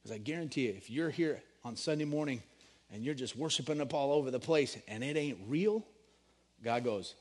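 A middle-aged man preaching a sermon, animated, swinging between loud emphasis and hushed storytelling. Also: medium pitch, fairly quick, husky. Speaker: pastor.

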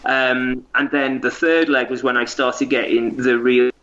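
A man's voice: mid-range voice, little pitch movement, unhurried, fairly bright tone. A man, a guest, telling a story in a casual, rambling way with lots of fillers and restarts. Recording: dull lo-fi audio.

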